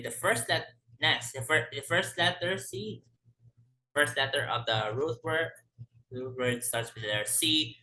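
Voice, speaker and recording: A man walks through a vocabulary lesson at an unhurried pace, often stopping to correct himself. His voice has a bright, forward edge, and the room around him rings with a noticeable echo. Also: medium pitch. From Philippines. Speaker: language teacher. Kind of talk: slow explanatory lesson.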